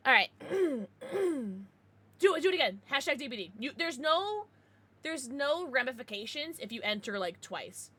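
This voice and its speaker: Lively bright-voiced woman streamer. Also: high-pitched, dry recording. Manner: excitable and swears freely; laughs and gasps often. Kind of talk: casual livestream chat with viewers.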